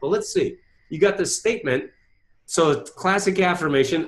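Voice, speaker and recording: A man's voice: fairly high pitch, normal speed. A middle-aged man, an author and speaker, telling his story as an interview guest with emphatic rhetorical questions. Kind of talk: animated storytelling.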